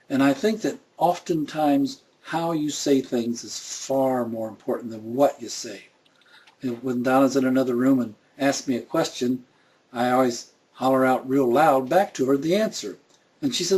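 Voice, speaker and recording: A man's voice: medium pitch, measured pace, dark tone, husky. A middle-aged man teaching a Bible study in a folksy way, full of rhetorical questions.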